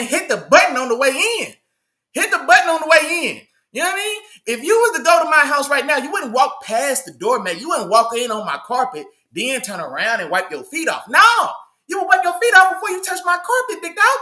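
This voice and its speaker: A man's voice: very high-pitched, big pitch swings, brisk, pushed and bright. A man hosting a casual live sports talk show, slangy and chatty, hyping up his live chat and repeating his lines.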